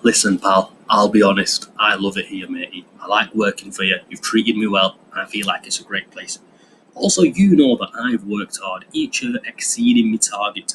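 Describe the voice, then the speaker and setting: A man's voice: on the low side, a little hiss or hum, low-quality recording. A man voicing a blunt, chummy working-class male employee. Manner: chummy, slangy, pushy.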